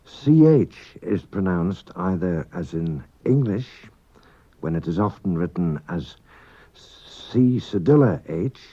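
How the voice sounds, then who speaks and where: A man teaches a language lesson over the radio, taking his time and speaking in a deep, low register. Every word is pronounced with slow precision. The sound is dull and lo-fi, like an old 1980s broadcast. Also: mellow. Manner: slow, careful, precise pronunciation.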